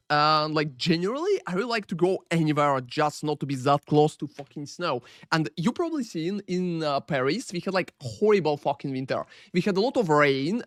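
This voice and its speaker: A game streamer talks in an unpolished, rambling way, full of filler words and casual swearing. His voice sits a touch high for a man and stays dry and close to the mic, with no room sound. He keeps greeting viewers by name as he chats. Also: no echo. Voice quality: profane, rambling, filler-heavy. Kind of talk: casual live-stream chat. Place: Paris.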